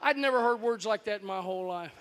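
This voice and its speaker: A man from Florida preaches in a very high, bright voice, spinning stories and rising into shouts at the peaks. The sound rings out across a large, echoing hall. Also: fast talker. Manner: animated, breaks into shouts at story peaks. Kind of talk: storytelling sermon.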